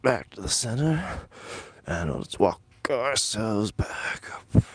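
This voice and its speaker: A man's voice: lowish voice, big pitch swings, takes it slowly, slightly rough, no echo. A middle-aged man leading a live exercise class, giving step-by-step cues while moving, on a clip-on mic. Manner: coaching cues between moves, apologetic about the mic. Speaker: movement instructor. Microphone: clip-on mic worn while exercising.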